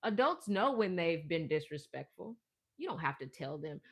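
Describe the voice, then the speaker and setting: Impassioned woman with a lowish voice. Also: normal speed. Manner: impassioned, rambling, swings from soft to loud. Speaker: spiritual live-stream host. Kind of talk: casual spiritual pep talk.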